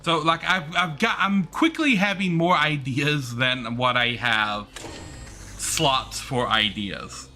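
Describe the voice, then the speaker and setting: Male game streamer, bright voice, a bit high, loose rambling chat. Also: slow pace, a little hiss or hum. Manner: rambling, many fillers and restarts. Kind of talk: casual chat while gaming.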